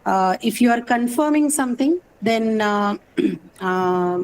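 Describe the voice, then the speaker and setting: A woman lecturer teaching a class, often checking in with the students and pausing with fillers. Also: on the high side, lively intonation, darkish tone, a little hiss or hum, poor audio. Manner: checks in with frequent "right?" and fillers. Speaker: university lecturer.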